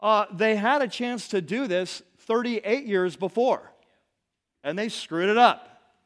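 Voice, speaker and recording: A man's voice: high voice, slow, a bit bright. A man preaching a sermon in a casual, conversational way, reading scripture verses aloud and explaining them with asides. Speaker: pastor.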